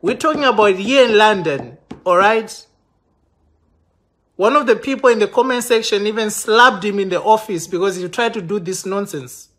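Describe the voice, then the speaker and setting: High-pitched man ranting accusingly on a livestream. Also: normal speed, a bit bright. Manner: impassioned and accusatory, with many restarts. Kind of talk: live-streamed rant to viewers. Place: London.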